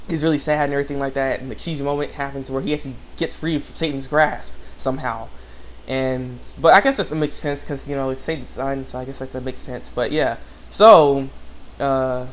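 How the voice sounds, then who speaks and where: A man's voice: medium pitch, slight background noise. A young man casually recapping an anime episode, rambling with many restarts and fillers. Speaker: anime reviewer.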